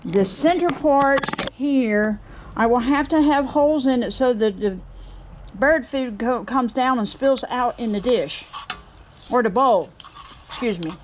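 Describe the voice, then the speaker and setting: Unhurried and fairly high-pitched, a woodturning vlogger chats casually with viewers as she works in an outdoor workshop, rambling along and shooing a bee. Slight background noise can be heard.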